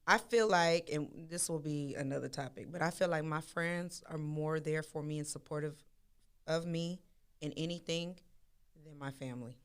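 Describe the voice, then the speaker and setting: A woman chatting casually on a podcast. Her voice sits low and comes across smooth and resonant. She tells personal stories candidly, with plenty of slang. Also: normal speed. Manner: candid, animated storytelling with slang. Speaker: podcast co-host. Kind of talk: casual chat.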